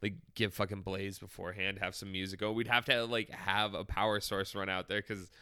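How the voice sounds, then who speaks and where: Male podcast co-host, bright and animated, teasing casual banter, dry close mic. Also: sits low, fairly quick, smooth, no echo. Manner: easygoing, teasing, laughs often. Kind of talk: casual chat.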